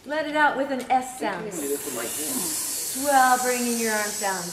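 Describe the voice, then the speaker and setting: A woman on a convention panel leads the audience through vocal warm-ups, playful and quick to laugh. Her voice is fairly high and swings widely in pitch. It rings through an echoey hall over a loud crowd. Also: recorded from a distance, background noise. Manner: animated, playful, laughs often.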